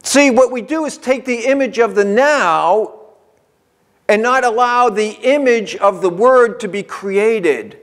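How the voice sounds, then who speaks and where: High-voiced preaching man, conversational. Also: unhurried. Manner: conversational preaching with emphatic repetition. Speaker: pastor. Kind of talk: sermon. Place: church sanctuary.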